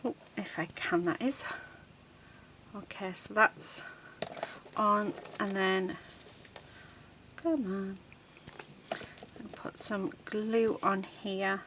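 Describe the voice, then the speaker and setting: Working at her crafting desk, a woman leads a casual card-making tutorial, talking viewers through each stage in a chatty, unhurried manner full of ums and restarts. Her medium-pitched voice stays fairly even, with noise in the background.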